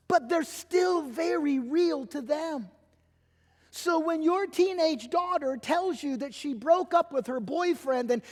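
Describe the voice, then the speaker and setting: Middle-aged male pastor, high pitched and emphatic, sermon in a reverberant hall. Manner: animated, emphatic preaching with acted-out quotes. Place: church sanctuary. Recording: long church hall reverb.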